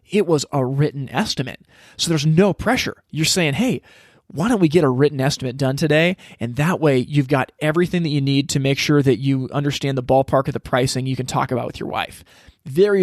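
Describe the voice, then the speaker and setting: A man teaching a step-by-step sales process in casual, energetic talk, acting out lines he would say to customers. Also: fairly high pitch, dry recording, studio quality. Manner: energetic, acts out customer dialogue, frequent restarts. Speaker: sales trainer.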